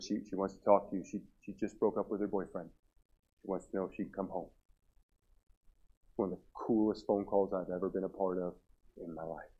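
A man's voice: lowish voice, dark tone, husky. A middle-aged male pastor preaching a revival sermon, telling a story with many repeated restarts. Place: church revival service. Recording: dull lo-fi sound.

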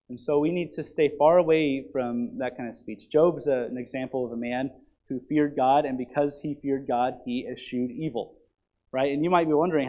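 A man with a somewhat high voice delivers a Bible lesson. He is earnest and emphatic and repeats key phrases to press his point. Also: steady tone, moderate pace, mellow, dull audio. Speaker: Bible teacher.

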